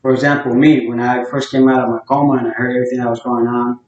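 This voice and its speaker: A middle-aged man rambles through a plain-spoken monologue with a flat, even delivery. He sounds set back from the mic in an echoey room, and the recording is dull and lo-fi. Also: mid-range voice, fast talker. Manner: rambling, plain-spoken, many fillers and restarts. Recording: roomy, distant, dull lo-fi sound.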